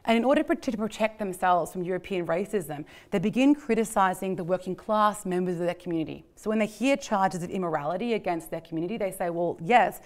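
A woman's voice: lowish voice, fast talker, hardly any pauses, darkish tone. A woman giving an illustrated history lecture in a conversational way, with frequent fillers and repeated words. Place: lecture venue.

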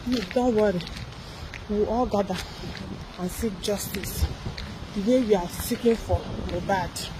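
A woman's voice: medium pitch, measured pace, long pauses, noisy background. A young Nigerian woman giving a sarcastic gossip commentary, firing off mocking rhetorical questions. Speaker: celebrity gossip vlogger. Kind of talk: satirical commentary vlog.

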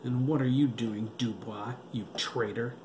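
A man's voice: medium pitch, steady tone, a little slow, lightly acted. A man voicing an angry, defiant rogue agent who threatens everyone around him with a pistol. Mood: furious. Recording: roomy with background noise.

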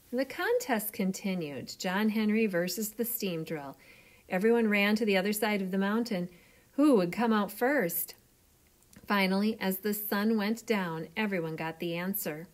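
A woman reading a children's storybook aloud in an expressive, gentle way. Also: medium pitch, unhurried.

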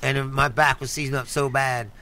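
A man's voice: medium pitch, level tone, normal speed, vocal fry, pushed and bright. A man telling a rambling story on a casual comedy podcast, often laughing and swearing as he goes. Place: studio.

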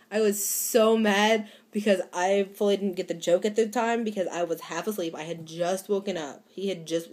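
A woman's voice: on the low side, a little mellow. A young woman, chatting casually to camera in a rambling, giggly way with lots of fillers and restarts. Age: young adult. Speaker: vlogger.

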